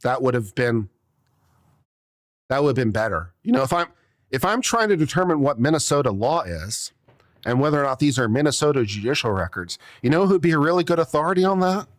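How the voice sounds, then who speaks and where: Sarcastic, exasperated male attorney, lively pitch. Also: fairly quick. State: coughing now and then. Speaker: attorney commentator. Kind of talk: reading and reacting to a legal brief.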